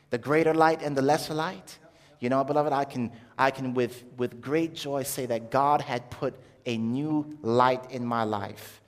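Man, young adult, preacher, testimony sermon, animated storytelling, mid pitch, long hall reverb. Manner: animated storytelling, acting out quoted voices, laughing.

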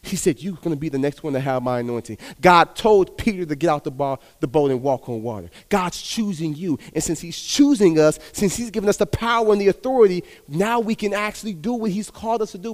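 A man delivers a sermon, telling a personal story with animated delivery and acting out each part of the conversation. His voice sits a little high. The sound carries a long reverb, as in a large hall. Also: normal speed. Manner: animated storytelling, acts out dialogue. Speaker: preacher.

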